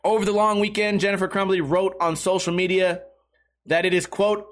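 High-pitched man swearing through rambling commentary. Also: lively intonation, a little fast. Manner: swears constantly, rambling with many restarts. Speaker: streamer reacting to news articles. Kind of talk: casual profane commentary.

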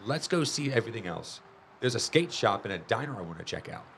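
A man's voice: on the low side, big pitch swings, fast talker, a bit bright, a little hiss or hum. A man reading a storybook, voicing a laid-back teenage older brother who talks casually and teasingly. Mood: breezy.

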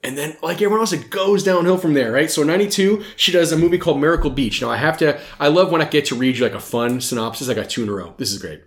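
A man rattles along at a quick clip as a podcast host, rambling from one tangent to the next with jokes and swearing. He laughs often. The recording carries a roomy echo. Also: a little high, animated. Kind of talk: casual chat.

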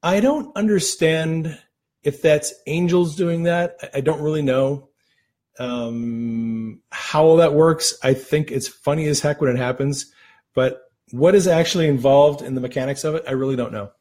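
Husky-voiced man telling a faith story. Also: fairly high pitch, a little slow, darkish tone. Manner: earnest, conversational, retells stories with quoted voices. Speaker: ministry host. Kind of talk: casual faith talk and storytelling.

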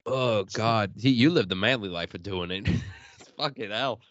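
A man's voice: lowish voice, measured pace, fairly bright tone, dry recording, muffled recording. A young man from Illinois hosting an uncensored podcast, telling stories with lots of swearing and laughter. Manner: profane, laughing storyteller. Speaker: podcast host. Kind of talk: uncensored casual chat.

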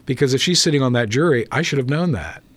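A man's voice: medium pitch, animated, quick pace, breathy edge, dry recording. A trial attorney speaking on a podcast panel, telling stories from his cases and acting out the people in them. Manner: storytelling, acting out courtroom dialogue.

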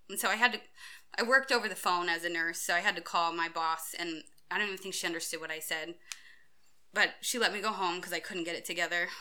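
A woman in her thirties with a bright, forward tone tells her own story in an interview. She speaks candidly and acts out the other people in it, sometimes jumping suddenly loud and high. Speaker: mother telling her story.

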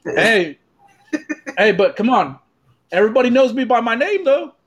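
A man with a notably high voice spins a rowdy anecdote on a podcast. He swears freely, slips into Spanish, and acts out the scene as he goes. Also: a little slow, highs cut off. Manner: animated storyteller, profane, mixes Spanish. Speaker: photographer and podcast guest. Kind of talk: casual podcast storytelling.

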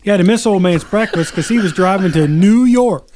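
A man's voice: sits high, a little fast, a little mellow, a little hiss or hum. A man hosting a casual chat, setting up a guest's story with teasing asides. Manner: joking, teasing interjections. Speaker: host.

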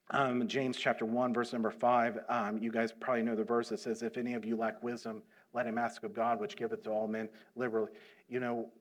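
A middle-aged man preaching at church, his voice at an ordinary middle pitch. He tells a missionary story in a folksy, conversational way and then leans into emphatic sermon delivery. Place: church sanctuary.

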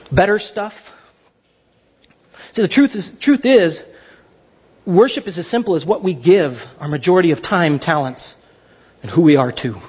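Emphatic, lively-voiced pastor preaching. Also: male voice, high voice, breathy edge, lo-fi sound. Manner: emphatic, rhetorical questions to the congregation. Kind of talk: sermon.

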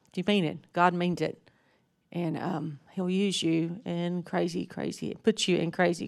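A woman from North Mississippi with a Southern accent, giving a casual sermon as a guest speaker, speaking slowly and deliberately with frequent ums. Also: on the low side, vocal fry. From North Mississippi, USA.

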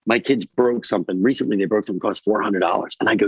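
A man from Delaware, a guest actor in a casual podcast chat, rambling and animated with lots of fillers. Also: lowish voice, fast talker, breathy edge, no room sound, poor audio. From Delaware, USA.

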